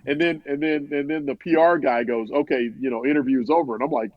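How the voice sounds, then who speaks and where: A man's voice: on the high side, expressive, fast, vocal fry, no echo. Male sportswriter guest, chatty storyteller, muffled dry recording. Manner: rambling, many restarts, quotes others in his own voice. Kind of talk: conversational storytelling. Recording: dull, dry podcast audio.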